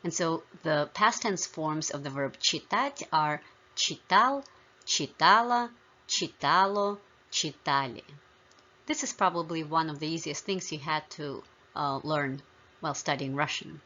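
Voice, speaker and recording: A woman teaching a language lesson, explaining grammar in a clear, measured way and spelling out word forms one by one. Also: low voice, sharp tone, lo-fi sound. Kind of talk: slow, careful language lesson.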